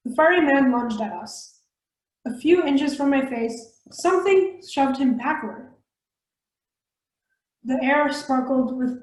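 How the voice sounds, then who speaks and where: High-voiced woman reading aloud, roomy echo. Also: darkish tone. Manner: reads with frequent stumbles and self-corrections.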